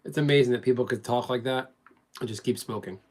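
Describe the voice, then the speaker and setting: A man's voice: mid-range voice, fast talker, a little mellow. Chatty, joking man streaming live. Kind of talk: casual chat on a live stream.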